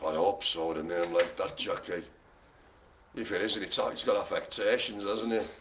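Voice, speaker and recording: A man's voice: low voice, normal speed, noisy background. A man hosting a live online bingo game, calling dog breeds in a playful, teasing way with theatrical asides. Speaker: bingo caller host.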